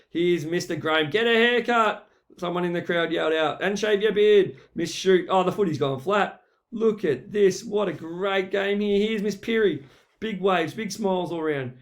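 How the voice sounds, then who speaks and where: Playful man doing mock commentary. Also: fairly high pitch. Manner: playful, teasing, animated commentator. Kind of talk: jokey mock football commentary.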